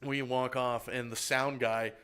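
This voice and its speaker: A man with a Texan accent, a comedian telling an animated story on a podcast and acting out other people's lines. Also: unhurried, smooth. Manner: animated, acts out other people's lines with big pitch jumps. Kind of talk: casual storytelling chat.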